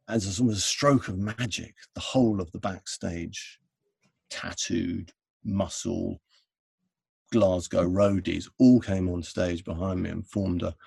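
A middle-aged man telling an anecdote in conversation, animated, with restarts and laughs. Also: sits low, creaky, slightly rough, no echo. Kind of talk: conversational storytelling.

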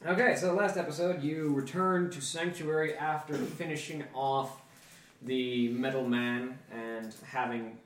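A man running a tabletop game, explaining rules in a halting way with fillers. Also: mid-range voice, fairly even intonation. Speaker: game master. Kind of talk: casual tabletop podcast talk. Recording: echoey room, distant mic, faint hiss.

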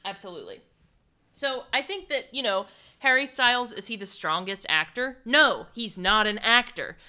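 Emphatic young woman, lively high voice. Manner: emphatic, fast fan talk. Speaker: podcast co-host. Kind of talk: casual chat.

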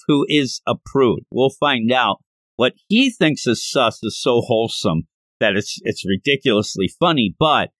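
A man hosting a podcast, chatting through a comic chapter in an amused, animated way. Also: lowish voice, no room sound. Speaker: podcast host. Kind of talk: manga reading and commentary.

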